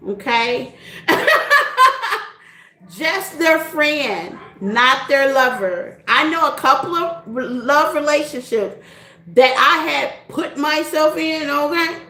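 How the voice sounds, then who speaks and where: A woman's voice: high voice, a bit bright. Middle-aged lady talking to her viewers, lots of laughs and repeats herself, kinda roomy echo. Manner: laughs often, repeats phrases, folksy and direct. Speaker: tarot reader and channel host. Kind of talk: casual live-stream chat to viewers.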